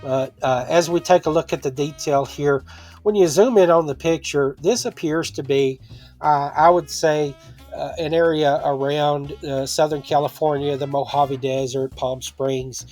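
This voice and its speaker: A man's voice: a little high, fairly even intonation, a little slow, darkish tone, soft background music. A man casually talking through items he has sold, rambling conversationally with personal asides. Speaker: online seller and vlogger. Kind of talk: casual vlog talk.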